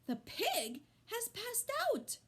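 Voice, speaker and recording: Lady doing a brisk no-nonsense farm wife, storybook. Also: very high-pitched, very animated, pitched above the performer's own voice, heavily acted. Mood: practical.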